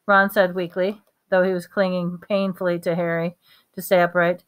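Low-voiced woman reading a novel aloud. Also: flat delivery, normal speed. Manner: stumbles and corrects words while reading. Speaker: reader.

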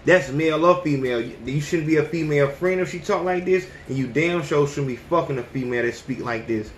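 A man's voice: a little high, brisk, reverberant, a little hiss or hum. Blunt, profane man in his thirties. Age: 30s. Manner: blunt, profane, preachy street talk. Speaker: podcast host. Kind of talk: casual monologue.

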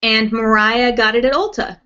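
A chatty woman with a fairly high voice hosts a beauty live stream from home, reading out viewer comments between ums and small laughs. The sound is a bit dull and lo-fi, like an older webcast. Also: fairly even intonation, normal speed, bright, forceful tone, clean tone. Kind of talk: casual live-stream chat.

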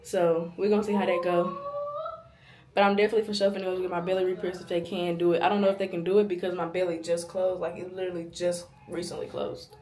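Talking to a phone or small camera held close, a twenty-year-old vlogger chats casually and laid-back, full of slang. Her lowish voice is mellow with a flat delivery, and she speaks quickly.

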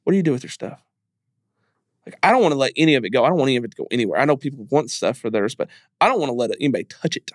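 A man's voice: mid-range voice, lively intonation, racing, dry recording, clean studio sound. A man speaking as a podcast guest in a candid interview, earnest and emphatic, repeating phrases as he talks openly about grief.

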